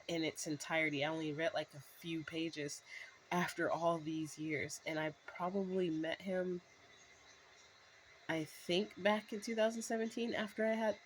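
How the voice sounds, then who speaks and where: A woman in her thirties, a vlogger with a deep voice, tells a rambling story to camera full of fillers and restarts, breaking into laughs along the way. The recording is rough, with slight background noise.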